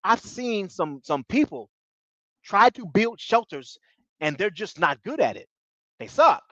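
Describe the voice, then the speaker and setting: A man's voice: high-pitched, sing-song, a little slow, pushed and bright, dry recording. A man casually recapping a reality show in slangy talk, laughing often. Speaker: TV show reviewer. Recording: dull lo-fi dry audio.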